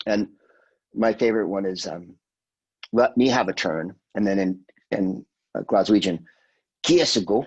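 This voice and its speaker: Older comic guy, husky low voice, rambling swear-y stories on a podcast. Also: measured pace, pauses often, a little mellow, dull audio. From California, USA. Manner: rambling, profane storyteller who slips into quoted voices. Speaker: guest comedian. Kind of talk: casual podcast chat.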